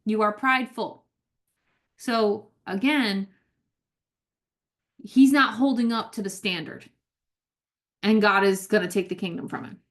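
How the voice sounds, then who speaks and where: A woman leading a Bible study, explaining scripture in a relaxed, conversational way and slowing down to read verses aloud with emphasis. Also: mid-range voice. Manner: conversational, keeps asking "right?", reads scripture aloud slowly with emphasis. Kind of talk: casual Bible study teaching.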